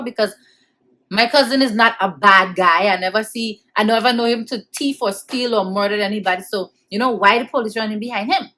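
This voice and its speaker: Brief: woman vlogger, slightly high voice, emotional and conversational personal storytelling. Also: fairly bright tone. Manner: emotional, conversational retelling with repeated phrases. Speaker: vlogger recounting childhood memories.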